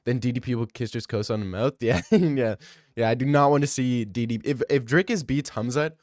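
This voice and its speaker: An excitable young man chatting with his stream audience in a medium-pitched voice, firing out quick bursts and doubling back on his words. The mic is close and dry, with no room echo. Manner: excitable, fast bursts, repeats himself. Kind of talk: casual chat with viewers.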